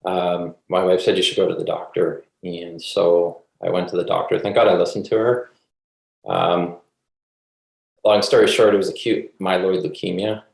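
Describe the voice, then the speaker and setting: A man from Canada sharing his cancer story on a video call in a relaxed, conversational way. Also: deep voice, normal speed, gravelly, roomy sound, poor audio. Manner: relaxed, conversational, frequent ums. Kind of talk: casual personal testimony.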